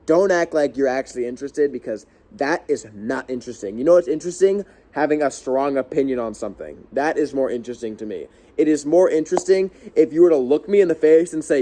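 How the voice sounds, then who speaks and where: A man's voice: medium pitch, animated, fast talker, few pauses, dark tone. A young man ranting casually to camera as a vlogger, heated and rambling, swearing often and restarting his sentences.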